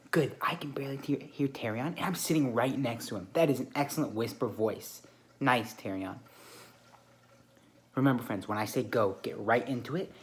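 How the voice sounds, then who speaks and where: A male teacher giving calm, deliberate directions to a small group of children at a classroom table, narrating and praising their behaviour as he goes. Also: medium pitch.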